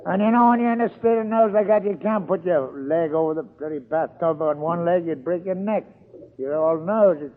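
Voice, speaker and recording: A man's voice: a little high, fairly even intonation, moderate pace, a little hiss or hum. An older man telling his recovery story as an AA speaker, earthy and storytelling, acting out the dialogue. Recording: tinny lo-fi archive recording.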